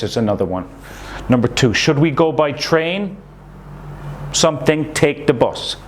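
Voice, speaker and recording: A primary school English teacher records a lesson for young pupils, explaining patiently and checking in with "okay?" as he goes. His voice is a little high with lively intonation at a measured pace, and there's a little hiss or hum.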